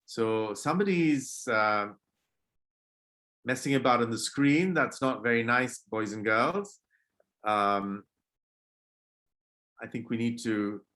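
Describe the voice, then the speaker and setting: A man leading an online public speaking workshop for children over a video call, acting out greetings to show different moods and gently scolding kids who disrupt. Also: mid-range voice, slow, pauses often. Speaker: workshop presenter.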